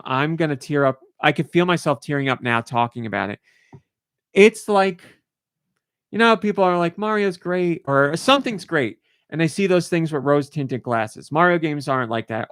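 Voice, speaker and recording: A man's voice: medium pitch, a bit bright, clear, resonant tone, no room sound, clean studio sound. A man hosting a podcast, chatting casually and gushing with enthusiasm. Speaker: podcast host.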